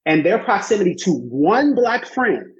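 A man co-hosting a conversational podcast, with a slightly high voice. He speaks emphatically, almost like a preacher, and repeats lines for weight. His audio sounds a little dull and lo-fi. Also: sing-song, a little slow.

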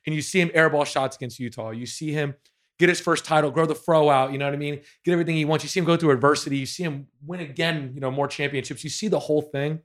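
A man's voice: fairly high pitch, fairly even intonation, fast. A man in his thirties, a podcast co-host, speaking in a reflective, thoughtful way and often asking "you know what I mean". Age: 30s. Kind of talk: casual podcast chat.

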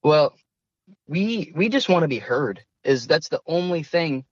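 A man's voice: a little high, lively intonation, measured pace, no echo, dull audio. A young man, a student guest in an interview, speaking earnestly and somewhat hesitantly. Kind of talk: conversational interview.

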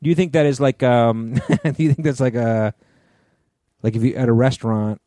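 A man's voice: medium pitch, steady tone, normal speed, mellow, no room sound, clean studio sound. A middle-aged man co-hosting a casual podcast chat, ranting bluntly with a lot of swearing and plain irritation. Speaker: podcast co-host.

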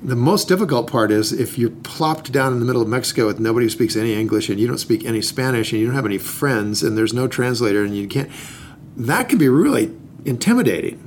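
A man's voice: mid-range voice, animated, fast, a little hiss or hum. A man co-hosting a casual talk, explaining investing in a playful, jokey way. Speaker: podcast co-host teaching investing. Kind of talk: casual chat.

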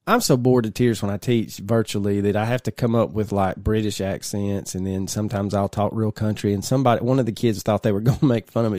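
A man's voice: lowish voice, darkish tone, dry recording, studio quality. A man co-hosting a casual podcast, rambling through stories and laughing often. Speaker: podcast co-host.

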